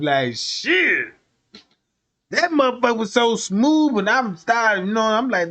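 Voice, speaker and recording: A man's voice: high voice, lively intonation, normal speed, sharp tone. A man streaming, telling a crude comic story in a profane, rambling way and often checking that listeners follow.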